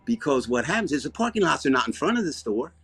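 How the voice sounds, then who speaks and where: A man with an Alabama Southern accent, hosting a comedy show and rambling deadpan through comic banter. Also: medium pitch, fast talker, slightly rough, soft background music. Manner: rambling, deadpan, self-interrupting.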